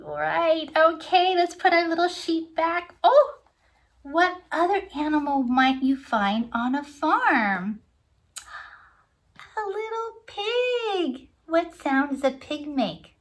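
High, slow sing-song woman teaching kids. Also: expressive. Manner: sing-song, coaxing, talks straight to young children; makes animal sounds and gasps of surprise. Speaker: children's Sunday school teacher. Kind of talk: children's lesson with sing-along.

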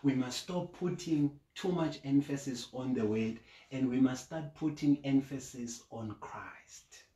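A man preaching a sermon from home, earnest and deliberate, rising to emphatic peaks on key points. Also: medium pitch, warm tone, echoey room. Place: at home during lockdown, in an echoey room.

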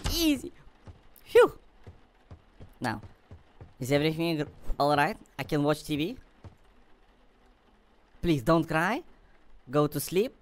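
Excitable woman narrating gameplay, wildly swooping. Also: deep voice. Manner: excitable, talks to viewers, simple non-native phrasing. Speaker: gaming video host. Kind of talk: gameplay commentary.

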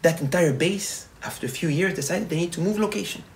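A man, a rabbi, telling a parable in a sermon, animated, repeating phrases and restarting often. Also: fairly high pitch, brisk, poor audio. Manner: animated, repetitive, frequent restarts. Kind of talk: storytelling sermon.

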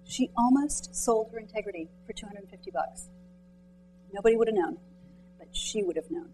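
A woman author giving a motivational talk to students and mentors in a lecture room, telling stories in a chatty, animated way and quizzing the audience directly. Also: mid-range voice, normal speed, soft background music, low-quality recording. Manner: chatty, animated storytelling with many "like"s.

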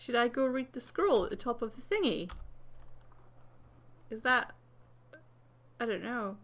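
A woman giving excitable, giggly let's play commentary as the channel host. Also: on the high side, unhurried. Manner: excitable, exclaiming and giggling at the game.

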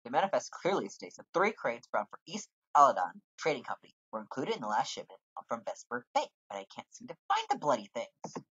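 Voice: medium pitch, huge pitch swings, brisk, fairly bright tone, slightly rough, dull audio, heavily acted. A gamer doing an angry bossy manager man. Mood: irritated. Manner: curt, bossy orders. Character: angry blustering male cargo manager. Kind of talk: reading game dialogue aloud.

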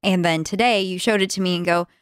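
A woman in her thirties co-hosting a podcast with her husband, soft-spoken and wry in casual chat. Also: on the low side, steady tone, fast talker, smooth, dry recording, studio quality. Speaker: podcast co-host. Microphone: studio mic with headphones.

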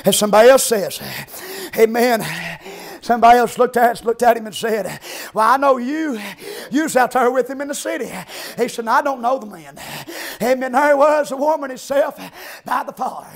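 Preaching an old-time revival sermon, a man uses a very high, gravelly voice. His chanting comes in rhythmic bursts punctuated by "uh" before rising into shouted hallelujahs, and he lurches between quick, low asides and ringing cries.

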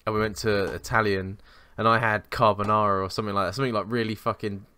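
A young man tells rambling, sweary anecdotes at his own expense. His lowish voice is bright and crisp, with a dry, close sound. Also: level tone, fast, no room sound. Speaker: podcast co-host. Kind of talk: casual chat, storytelling.

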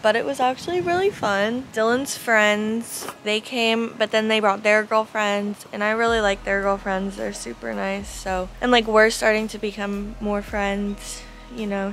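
A woman's voice: medium pitch, a bit bright. A young woman in a casual at-home vlog, rambling chattily with lots of "like" and "literally". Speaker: vlogger.

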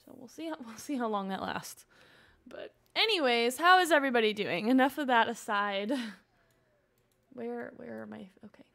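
A young woman streamer chatting casually through a life-simulation game. Her voice sits high, with a gravelly fry at the ends of phrases. She talks to her viewers and coaxes her game characters along. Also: lively intonation, moderate pace, fairly bright tone. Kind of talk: casual gameplay commentary.

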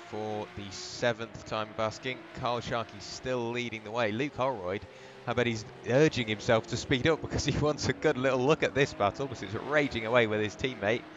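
A man giving steady, conversational play-by-play for a sim racing broadcast. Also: on the low side, lo-fi sound, background noise. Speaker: lead commentator.

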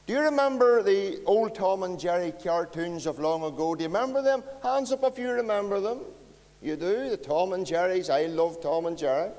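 A man's voice: sits high, expressive, moderate pace, a little mellow, long reverb tail. A Northern Irish man preaching a folksy storytelling sermon at a carol service, chatting to the children in the congregation. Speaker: pastor. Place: church.

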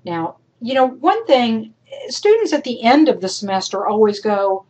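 A woman college instructor recording feedback for her class, emphatic and encouraging, talking straight to her students, her voice worn and going hoarse. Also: fairly high pitch, big pitch swings, moderate pace, hardly any pauses, highs cut off, noisy background.

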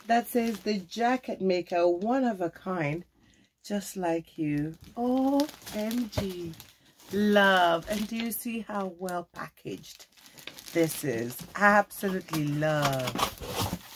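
A woman's voice: mid-range voice, background noise. A young woman vlogger gushing over a sponsored coat as she unboxes it, calling viewers honey and tagging her sentences with okay. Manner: tags many phrases with okay. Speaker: fashion vlogger. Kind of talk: sponsored product review and unboxing.

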